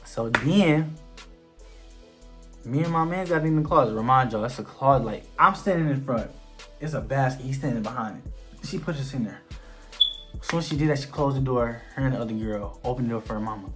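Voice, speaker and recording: Animated young man telling a story. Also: mid-range voice, fairly quick, music in the background. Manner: animated, slangy, acts out quoted dialogue. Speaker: vlogger. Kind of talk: storytime vlog.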